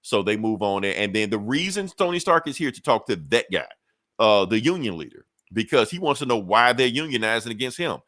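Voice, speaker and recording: Speaking a little fast, a male podcast co-host casually walks through a comic book, throwing his voice up and down to perform every character's dialogue. He's loose, profane and full of relaxed slang, and the sound is close and dry with no echo.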